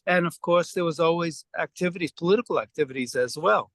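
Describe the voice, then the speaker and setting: A man's voice: a little high, fast, fairly bright tone, dry recording. A man in his seventies from New York City, reminiscing about his childhood in an oral history interview. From the Bronx, New York City. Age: 70s. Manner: reminiscing, conversational storytelling.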